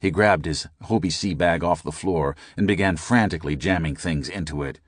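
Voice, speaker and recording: A man narrating an audiobook in a deep, measured voice. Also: no echo, clean studio sound. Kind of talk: scripted narration.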